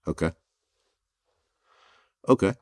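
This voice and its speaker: A man hosting an interview, asking relaxed questions and laughing along. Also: slow pace, no echo, studio quality. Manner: relaxed, laughs often, short affirmations. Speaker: interview host.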